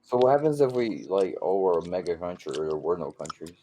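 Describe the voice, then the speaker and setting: A young man with a low, warm, mellow voice swings his pitch widely as he muses aloud on a group podcast. He tosses out half-formed questions with eager energy, faint noise beneath. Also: big pitch swings, fast, rough recording. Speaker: podcast co-host. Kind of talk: casual group chat.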